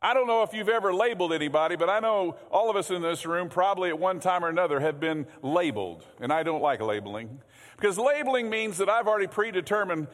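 A man preaching a sermon as pastor in a church, conversational, often repeating words and asking the congregation questions. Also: fairly high pitch. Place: church sanctuary. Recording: long hall reverb.

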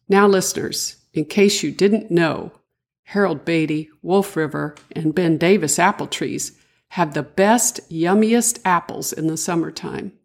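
An older woman, a grandmother, narrating a children's story in a gentle, sing-song way with a breathy voice. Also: lowish voice, unhurried.

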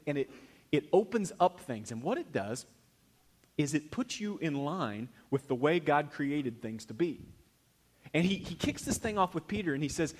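A middle-aged male pastor preaching a sermon in a folksy, conversational way, swinging from hushed to loud. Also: a little high, big pitch swings, moderate pace.

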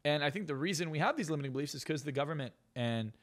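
A man's voice: a little high, lively intonation, fairly bright tone. A man, a hypnotist and success coach, telling boastful stories as a podcast guest. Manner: fast, boastful storytelling. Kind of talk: casual podcast interview.

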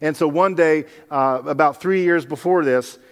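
Male pastor, slightly high voice, lively sermon delivery with acted-out scenes, reverberant sanctuary sound. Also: moderate pace, clear, resonant tone. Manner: animated, acts out Bible scenes in others' voices.

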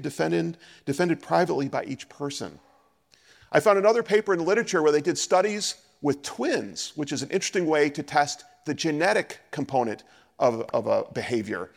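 A man preaching a sermon as a pastor, animated and acting out scripture dialogue. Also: fairly high pitch, gravelly, long reverb tail.

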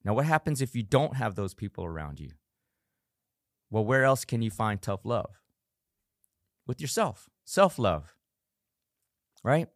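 A man's voice: medium pitch, very animated, measured pace, long pauses, no echo, studio quality. A middle-aged man hosting a solo motivational podcast, talking earnestly with emphatic bursts. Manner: earnest, emphatic, acts out harsh self-talk in bursts. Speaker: podcast host; coach and parent.

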